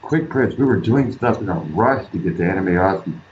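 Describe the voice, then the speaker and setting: A man's voice: deep voice, expressive, a little fast, darkish tone, slight background noise. A man, an artist guest in an interview, telling stories in an earnest, rambling way. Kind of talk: casual interview talk. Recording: roomy, dull lo-fi sound.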